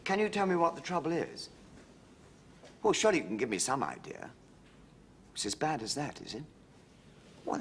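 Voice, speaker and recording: An actor playing a charming, wheedling, womanizing middle-aged husband in a sitcom. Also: background noise. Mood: flustered. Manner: charming, wheedling, with lively pitch swings. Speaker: philandering husband. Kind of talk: studio sitcom acting.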